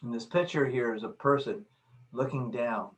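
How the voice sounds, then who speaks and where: A man's voice: medium pitch, normal speed. A man lecturing in a recorded video session, emphatic, repeating his key phrases and acting out small examples. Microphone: video call.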